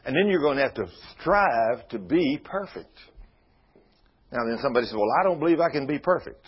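A man's voice: medium pitch, expressive, a little fast, husky. A man preaching a sermon in a folksy, conversational way, retelling Bible scenes. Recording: muffled lo-fi radio broadcast.

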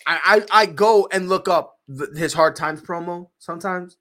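A man co-hosting a podcast in casual chat, excitable, swinging from hushed mutters to loud outbursts. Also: high voice, normal speed. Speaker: podcast co-host.

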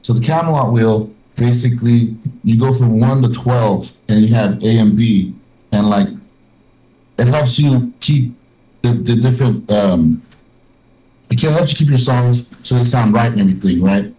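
A man's voice: mid-range voice, normal speed, mellow, poor audio. Rambling young man on a podcast. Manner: rambling, many restarts and fillers. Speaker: podcast host. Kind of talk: casual podcast chat.

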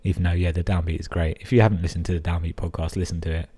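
A young English podcast host reads listener stories in a casual, profane way, rapid-fire but with a level tone. His very low voice sounds dark and a little husky. He constantly stops to mock the emails with dry, sarcastic swearing.

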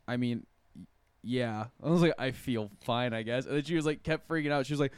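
A man's voice: mid-range voice, clear, resonant tone, dry recording, clean studio sound. A man in casual podcast chat, telling rambling stories full of swearing. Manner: fast, swearing storyteller. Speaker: podcast guest.

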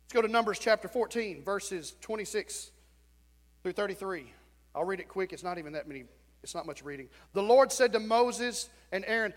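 Male pastor with a high voice, preaching emphatically in a church with long reverb. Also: animated, normal speed. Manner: emphatic preaching with repetition, acted-out quotes. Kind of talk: sermon. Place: church sanctuary.

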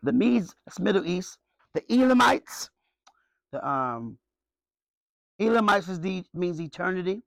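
High-voiced preaching man, dry sound. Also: normal speed, gravelly, no room sound. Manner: emphatic preaching with call-and-response questions; wide swings between loud high bursts and low quiet asides. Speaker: pastor. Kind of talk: sermon.

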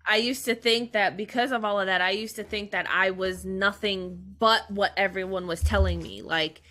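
Bright-voiced young woman opening up. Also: medium pitch, fairly even intonation, moderate pace. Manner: open, earnest, laughs while telling hard things. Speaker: podcast guest. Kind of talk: candid personal conversation.

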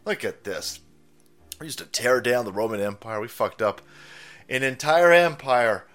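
A man voicing the gruff, indignant DNA of barbarian ancestors, muttering low. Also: lively intonation, normal speed, fairly bright tone, faint music behind, natural voice.

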